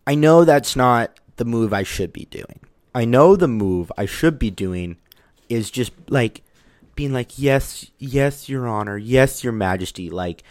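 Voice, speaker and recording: A man with a fairly low voice tells a personal story in loose, casual talk. He rambles, says "like" all the time, and acts out what people said. The recording is dry and close, with no room sound. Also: no echo. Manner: rambling, heavy use of "like", acts out quotes.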